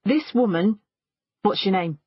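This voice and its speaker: A burly, rude bar bully in his thirties, voiced by a woman narrator in an audiobook, speaking curtly and with menace. The voice is husky, and the sound is dry and dull. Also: mid-range voice, expressive, unhurried, no room sound. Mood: wry. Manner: threatening, curt.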